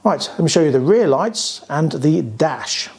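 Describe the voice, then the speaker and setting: British male scooter reviewer, chatty and plain-spoken, slightly high voice. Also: lively intonation, unhurried, creaky, a little mellow, breathy edge. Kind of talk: casual product walkaround review.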